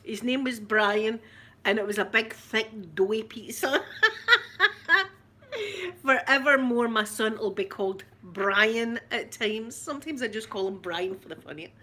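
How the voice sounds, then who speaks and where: A woman's voice: fairly high pitch, a little slow, sharp tone. A middle-aged woman with a Scottish accent, chatting casually and laughing with live viewers as she hosts a stream. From Scotland. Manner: chatty, rambling, laughs often. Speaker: ASMR livestream host.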